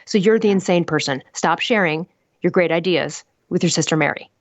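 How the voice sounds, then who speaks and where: A woman's voice: on the low side, a little fast, no echo. A woman talking as a guest on an interview podcast, telling stories bluntly and emphatically, full of rhetorical questions. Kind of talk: animated interview talk. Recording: muffled dry podcast audio.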